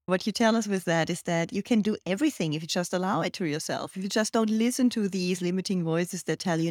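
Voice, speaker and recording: A woman's voice: fairly low pitch, fast, few pauses, darkish tone, no room sound, studio quality. A woman host, summing up the guest's points in long, thoughtful turns. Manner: reflective, long summarizing turns. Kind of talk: interview conversation.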